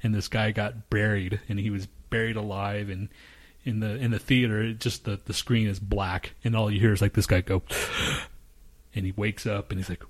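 A man's voice: lowish voice, little pitch movement, a little fast. A man co-hosting a podcast in a studio, telling rambling, profane stories in casual chat. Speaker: podcast co-host.

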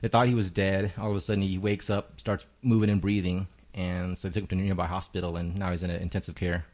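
A man's voice: sits low, flat delivery, a little mellow. A man on a podcast in a studio, reading out odd news stories in casual, profane chat. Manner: reads out news items fast, profane. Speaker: podcast co-host.

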